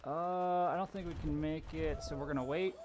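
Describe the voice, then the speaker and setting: A man's voice: a little high, fairly even intonation, normal speed, noisy background. A young man streaming a game live, chatting casually with viewers, telling stories and laughing often. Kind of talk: casual live-stream chat while gaming.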